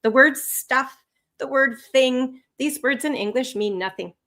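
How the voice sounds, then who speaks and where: A woman instructor teaching a live online lesson, animated and expressive, with swooping pitch and frequent laughter. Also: a little slow. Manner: laughs often. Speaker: language test instructor.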